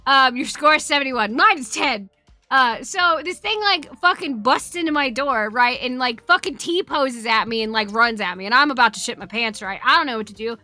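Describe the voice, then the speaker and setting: A woman's voice: on the high side, lively intonation, normal speed, sharp tone, faint music behind. A woman streamer telling a story in casual chat, talking freely, swearing often and laughing as she goes.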